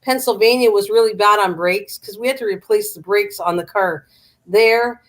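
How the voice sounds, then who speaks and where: A woman's voice: medium pitch, normal speed, low-quality recording. An older Canadian woman hosting a live chat, telling stories in a chatty way and laughing often. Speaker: livestream host chatting with viewers.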